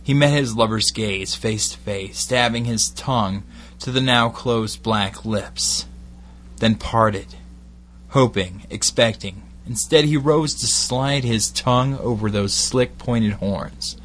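A man with a Glaswegian accent slowly reading an erotic bedtime story in a measured, intimate way. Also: on the low side, a bit bright, a little hiss or hum. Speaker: narrator.

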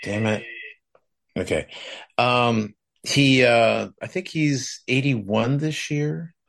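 A man co-hosting a podcast with a gravelly, creaky voice. He rambles hesitantly, full of ums and restarts, in a casual chat. His pitch sits in the middle range. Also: takes it slowly, a bit bright. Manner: rambling, hesitant with many fillers. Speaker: podcast co-host.

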